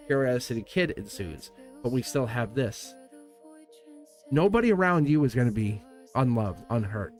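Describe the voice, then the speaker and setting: A man doing a live tarot reading for his viewers. His voice sits at an ordinary middle pitch, and he is gushing and reassuring, often laughing and saying the same line twice. Faint music plays underneath. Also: animated, normal speed. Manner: effusive and encouraging, laughs often, repeats phrases.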